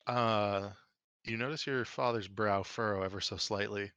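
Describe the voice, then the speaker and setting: A man narrating as game master in a relaxed manner, with many fillers. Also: lowish voice, moderate pace, clean tone, dry recording.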